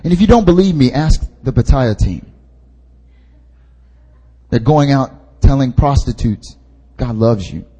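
In a church hall with long reverb, a young man serving as intern pastor gives a joking, casual sermon at a prayer meeting and keeps repeating his main points. He has a medium-pitched, dark, slightly rough voice with lively intonation, a measured pace and long pauses.

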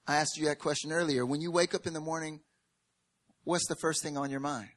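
A pastor preaching a sermon in an animated storytelling way, dropping to hushed lines and rising to loud ones. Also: male voice, on the high side, a little fast. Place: church service.

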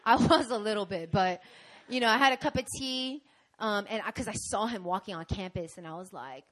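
A woman's voice: medium pitch, brisk. Dramatic young woman giving a sermon testimony. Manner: dramatic and animated, with sudden swings from hushed to loud.

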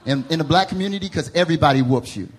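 A young man with a Southern US accent, preaching a sermon to a congregation as a lively, laughing storyteller who acts out the voices in his stories. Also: a little high, very fast, noisy background. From American South. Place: church service before a congregation.

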